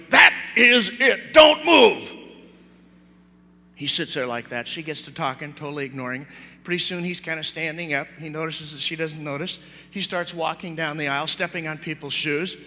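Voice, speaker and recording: A middle-aged man giving an animated sermon to a youth convention, telling a story with big swings from shouts to hushed whispers. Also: fairly high pitch. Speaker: youth speaker. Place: large convention hall. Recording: live hall recording with long reverb.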